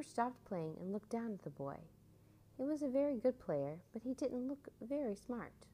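A woman reading a children's storybook aloud with expressive, animated delivery. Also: fairly high pitch, moderate pace, a little hiss or hum, low-quality recording.

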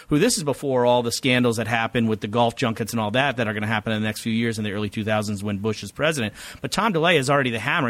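A man's voice: medium pitch, fairly bright tone, dry recording. A middle-aged man, a political science professor, giving long, detailed, lecture-like answers in an interview. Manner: rapid, detailed, lecture-like explaining.

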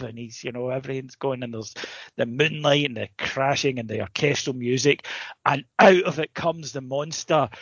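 A man, co-hosting a podcast, telling a rambling, sweary, animated story in casual comedic chat. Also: mid-range voice, no echo. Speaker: podcast co-host. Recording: dry, slightly muffled recording.

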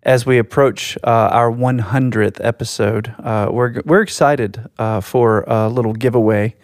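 An easygoing man co-hosts a casual podcast with dry humor. His voice sits at a middle pitch, recorded dry and close. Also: steady tone, unhurried, dry recording. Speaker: podcast co-host. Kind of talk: casual chat.

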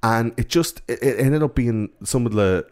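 A man's voice: medium pitch, moderate pace. A man chatting casually about a movie, swearing and acting out quotes. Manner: profane, acts out quotes in silly voices.

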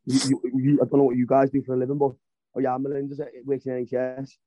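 A man's voice: mid-range voice, completely flat delivery, quick pace, no echo. A man on a casual podcast, ranting hard and swearing. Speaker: podcast panelist. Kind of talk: heated casual rant. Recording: dull lo-fi podcast audio.

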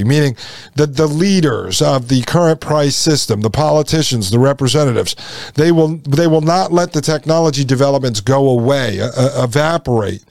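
A man's voice: medium pitch, moderate pace, darkish tone, dry recording. A man hosting his own podcast, delivering an emphatic solo monologue, repeating points and addressing listeners as folks. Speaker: podcast host.

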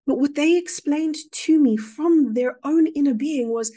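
A woman's voice: sits high, a little slow, few pauses. A woman, a podcast guest speaking earnestly and expressively about spiritual matters. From South Africa. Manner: earnest, expressive, shifting pace. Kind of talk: spiritual conversation.

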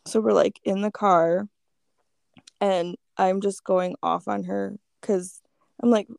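A woman with a gravelly, fry-tinged voice tells a story in relaxed, casual chat. Her tone is mellow and dark, and it is recorded dry and close. She swears freely and fills her lines with "like.". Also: mid-range voice, slow pace, no room sound. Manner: laid-back, swears freely, lots of "like".

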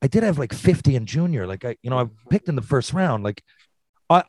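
A middle-aged man, a former hockey player, talking loudly in a casual chat, animated and full of swearing. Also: mid-range voice, brisk, dry recording. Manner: loud, profane, animated.

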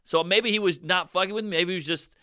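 A man's voice: sits high, fast talker, pushed and bright, clear, resonant tone, no room sound, studio quality. A man, a stand-up comedian co-hosting, trading stories in casual talk, blunt and profane, acting out his own outbursts. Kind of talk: casual podcast storytelling.

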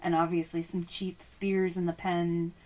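Chatty woman with a low voice. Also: level tone, normal speed, a little mellow. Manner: chatty, laughs easily, reads listener questions. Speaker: podcast host. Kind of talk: casual sports chat.

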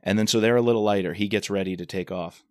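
A man's voice: fairly low pitch, fairly even intonation, fast talker, a little mellow, no echo, clean studio sound. A man from the Washington DC area co-hosting a casual book podcast, retelling the plot with animation and acting out the characters' lines. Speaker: podcast co-host discussing a novel. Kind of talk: casual chat.

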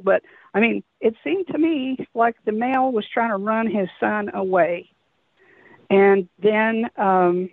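A woman's voice: medium pitch, creaky, dry recording. A woman calling in to tell a long story, hesitant and rambling with many restarts, heard over a telephone. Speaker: caller recounting an encounter. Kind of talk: phone-in storytelling. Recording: tinny dry phone line.

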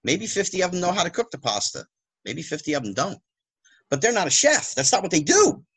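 A man talking as a podcast guest, animated and rhetorical with exasperated asides. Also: sits high, a little fast, slightly rough. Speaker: guest, former child actor. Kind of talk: casual podcast conversation.

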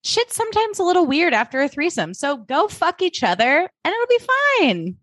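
A woman's voice: sits high, very animated, normal speed, dry recording, studio quality. A young woman co-hosting a podcast, recapping a TV episode in casual, opinionated chat and swearing freely. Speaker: podcast co-host.

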